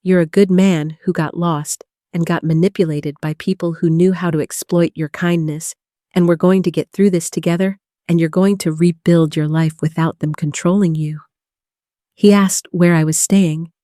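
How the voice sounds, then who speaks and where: An older woman narrating a first-person story in an even delivery, linking long chains of clauses with "and". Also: deep voice, no room sound, clean studio sound.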